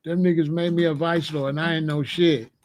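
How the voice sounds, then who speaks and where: A man hosting his own channel, telling a story in a casual, animated and profane way and laughing as he goes. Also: on the high side, fairly quick.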